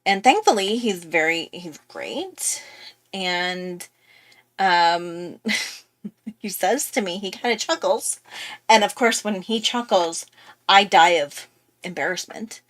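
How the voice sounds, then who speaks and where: A woman's voice: fairly low pitch, expressive, slow pace, fairly bright tone, no room sound. A young woman telling a long, rambling story in casual chat on her art channel, with many fillers and restarts. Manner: chatty, rambling, full of fillers. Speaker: art YouTuber.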